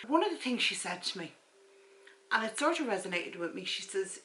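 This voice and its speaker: A slightly bright, lowish voice comes from a woman in her forties from Ireland, vlogging at home in her front room. Captured on a camera mic in low quality, she chats to camera, recounting a chat with a friend and playing out the friend's responses.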